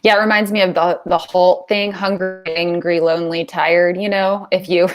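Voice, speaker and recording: A woman hosts a podcast in a loose, chatty way. Her voice sits a little low. She reflects aloud and fills her speech with "like" and "um". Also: flat delivery, moderate pace, soft background music. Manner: chatty, reflective, many fillers like "like" and "um". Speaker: podcast host. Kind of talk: casual interview talk.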